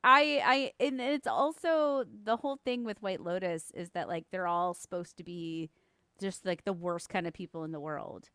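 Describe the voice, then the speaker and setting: A woman's voice: lowish voice, moderate pace, sharp tone, clean tone, no room sound, clean studio sound. A woman co-hosting a podcast in casual chat, talking animatedly and laughing often. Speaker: podcast co-host.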